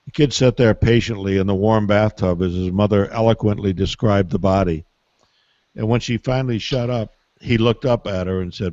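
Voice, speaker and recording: An older man answers parenting questions in a folksy, storytelling way and leans on emphatic asides. His voice sits low and sounds close and dry. The call audio is muffled. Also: normal speed, a little mellow, no room sound. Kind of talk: call-in Q&A advice.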